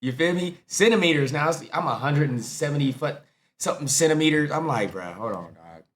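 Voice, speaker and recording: A man's voice: fairly high pitch, brisk. A young American man hosting a reaction video, chatting casually and playfully to his viewers as he comments on clips. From United States. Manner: animated, playful, talks to viewers as y'all.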